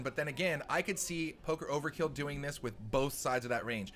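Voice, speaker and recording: A man calls a live poker stream from the commentary booth. His voice sits fairly high, and he bounces between breaking down hands and playful banter. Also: brisk, slight background noise. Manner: animated, joking banter.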